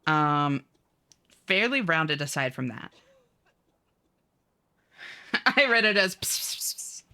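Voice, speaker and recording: A woman's voice: deep voice, sing-song, takes it slowly, pushed and bright. A woman streaming a video game, chatting casually and giggling as she answers her viewers. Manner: chatty, giggly, reads chat aloud. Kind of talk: casual chat with viewers while gaming.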